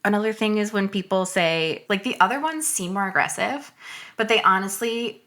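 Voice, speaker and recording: A woman's voice: medium pitch, moderate pace, pushed and bright. A woman hosting a podcast interview, chatty and telling personal anecdotes. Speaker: podcast host.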